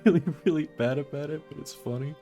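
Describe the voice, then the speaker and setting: A man's voice: on the high side, fast, creaky, mellow, soft background music. A man streaming a game, chatting to viewers in a rambling, self-mocking way. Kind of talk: casual live-stream chatter.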